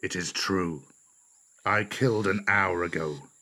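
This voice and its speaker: A man's voice: low-pitched, slow, pushed and bright, breathy edge, voice pushed down, exaggerated voice. A man voicing a smug, cruel tiger. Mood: cool. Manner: cool and smug. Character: cruel, boastful lame male tiger.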